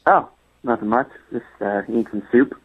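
A man's voice: mid-range voice, moderate pace, slightly rough, voice pushed down, close to an everyday voice. A man playing an easygoing guy answering a prank phone call, heard over a tinny line. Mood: casual.

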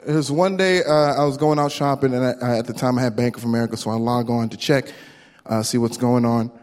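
A man doing a stand-up comedy set, telling a story with lively put-on voices. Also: mid-range voice, brisk. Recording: live room with long reverb and faint noise.

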